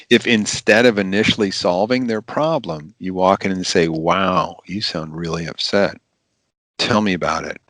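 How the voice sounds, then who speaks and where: A man, a physician, giving practical advice in an animated, emphatic podcast interview, repeating his key phrases. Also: fairly low pitch, no room sound.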